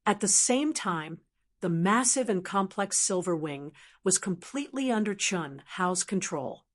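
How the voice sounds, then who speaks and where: A woman narrating a fantasy audiobook in a steady, even storytelling manner. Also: medium pitch, measured pace. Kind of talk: scripted narration.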